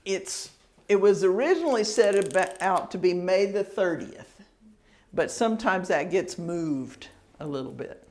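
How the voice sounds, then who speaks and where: An American woman teaching English pronunciation patiently, repeating words slowly and laughing easily. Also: lowish voice, expressive, darkish tone. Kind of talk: pronunciation lesson, casual explaining.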